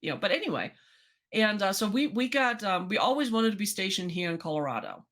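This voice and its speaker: A woman's voice: medium pitch, sing-song, brisk, a bit bright. Woman, podcast co-host, chatty storyteller, restarts, casual. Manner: storytelling, chatty, many restarts and quoted dialogue. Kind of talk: casual chat.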